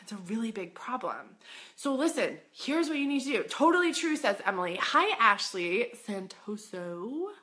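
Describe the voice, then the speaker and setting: A woman coaching boutique owners in a casual live stream, bubbly and excitable, chatty and full of "like.". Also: a little high, normal speed. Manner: chatty, says "like" often.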